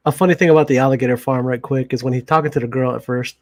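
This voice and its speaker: A man's voice: mid-range voice, fairly even intonation, rapid-fire, dry recording. A man co-hosting a casual podcast, chatting about a comedy movie and acting out its lines between laughs. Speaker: podcast co-host.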